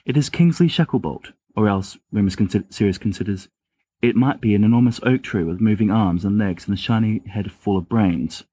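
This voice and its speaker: A man's voice: fairly low pitch, brisk, dark tone, husky, no room sound. A man narrating a story in an amateur audiobook reading, plainly, with small restarts. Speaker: podfic reader.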